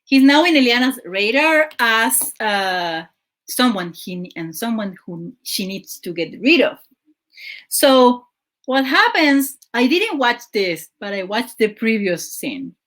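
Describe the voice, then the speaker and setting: A woman's voice: on the high side, sing-song, takes it slowly, a bit bright. A woman hosting her show, casually recapping a telenovela in a chatty, exasperated way with lots of fillers. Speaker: show host.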